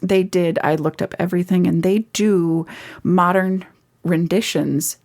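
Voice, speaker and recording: A woman guest, an actress, chatting in a casual interview in an animated, talkative way. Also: on the low side, measured pace. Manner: chatty, animated, laughs easily.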